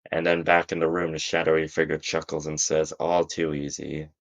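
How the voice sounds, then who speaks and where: A man tells his own fan-fiction story in a loose, casual way and often restarts his sentences. His voice sits extremely low. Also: completely flat delivery, brisk, a bit bright. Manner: rambling, frequent restarts.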